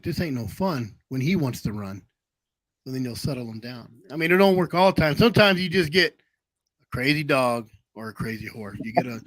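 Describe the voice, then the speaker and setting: Male livestream host, slightly high voice, anecdotal rambling, dry close sound. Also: fairly bright tone, dry recording, rough recording. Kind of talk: casual chat.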